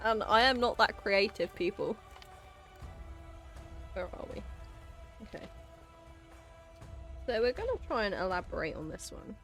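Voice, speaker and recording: A woman's voice: mid-range voice, expressive, a little slow, pauses often, fairly bright tone, soft background music. A woman chatting casually to her viewers on a live game stream, giggling now and then and talking straight to chat.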